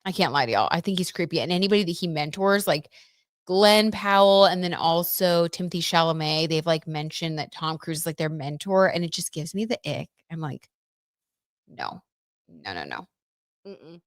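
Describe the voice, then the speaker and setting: Hosting a relaxed livestream, a young woman chats her way through gossip and tarot readings, loose and filler-heavy with plenty of "like" and "you know." Her voice sits low for a woman and runs fairly quick, the sound close and dry without room echo.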